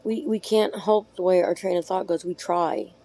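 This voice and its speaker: A woman talking straight to camera in a loose, rambling vlog. Her voice sits a little low, and she is chatty and affectionate. She is frank and swears offhandedly. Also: fairly even intonation, moderate pace, gravelly, warm tone. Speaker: vlogger. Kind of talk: casual talk to camera.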